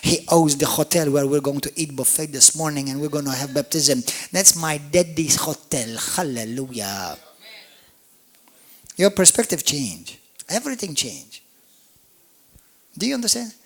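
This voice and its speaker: A man with a Maltese accent, preaching a lively, joking sermon as pastor at a church service, calling on the congregation to answer back. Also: fairly high pitch, unhurried. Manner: animated, jokey, call-and-response preaching.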